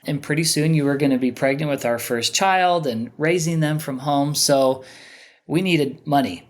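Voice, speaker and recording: Animated man telling a story. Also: fairly high pitch, normal speed. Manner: animated storyteller who acts out other people's lines. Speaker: podcast guest. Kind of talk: candid storytelling in casual conversation.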